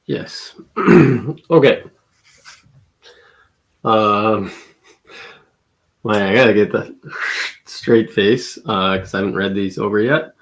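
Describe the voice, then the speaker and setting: A man's voice: lowish voice, slow, long pauses. Guy on a video call reading game answers out, hamming it up a bit. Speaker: game show reader. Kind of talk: casual streamed chat, reading entries aloud.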